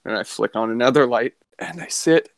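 A man's voice: mid-range voice, a little fast, creaky, no room sound. A man co-hosting a podcast, telling a long story casually in a rambling, laid-back way, swearing often. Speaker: podcast co-host.

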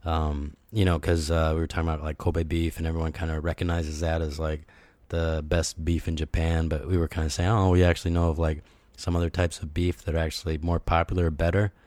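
A man's voice: a bass voice, flat delivery, fairly quick, few pauses, darkish tone, no echo. A man co-hosting a podcast, telling stories in a rambling, casual way with lots of fillers and laughs. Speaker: podcast co-host.

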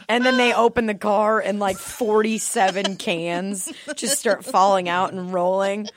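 A woman's voice: medium pitch, fairly even intonation, a little slow, dry recording, studio quality. A woman chatting casually, laughing often and acting out goofy voices in her stories. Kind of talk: casual comedic chat.

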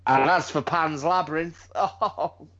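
A man's voice: a little high, slow pace, a bit bright. A man in casual podcast chat, swearing and repeating himself for emphasis. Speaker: podcast host. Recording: dull lo-fi sound.

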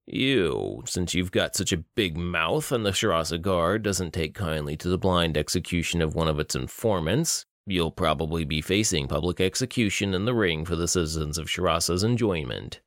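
A male audiobook narrator voicing a menacing, cruel male villain who taunts slowly. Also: low-pitched, expressive, a bit bright, dry recording, clean studio sound, voice pushed down. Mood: taunting.

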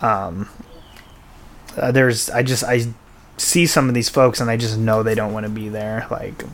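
A man's voice: lowish voice, steady tone, unhurried, slight background noise. A man hosting a podcast in casual chat, talking in a rambling, profane way full of restarts and fillers. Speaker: podcast host.

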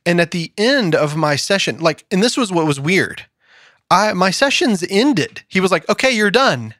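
Male podcast co-host, animated storyteller, slightly high voice, dry studio mic. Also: moderate pace, dry recording. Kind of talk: casual podcast conversation.

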